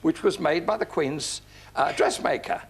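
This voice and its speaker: An older man telling anecdotes as a guest on a TV talk show, lively and chuckling often. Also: fairly high pitch, normal speed, gravelly, a little hiss or hum. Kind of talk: anecdotal chat. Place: TV studio.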